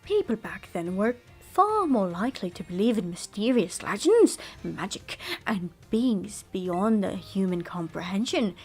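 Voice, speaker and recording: A woman's voice: medium pitch, sing-song, unhurried, few pauses, darkish tone, slightly rough, soft background music, exaggerated voice. A woman voicing a prim, pompous history teacher in a stilted made-up accent. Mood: lecturing.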